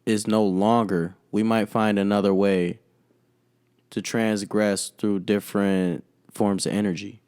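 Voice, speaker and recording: A young man co-hosting a podcast, musing aloud in a halting way and laughing often. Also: fairly low pitch, level tone, a little mellow, smooth, no echo, studio quality. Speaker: podcast co-host. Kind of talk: casual chat.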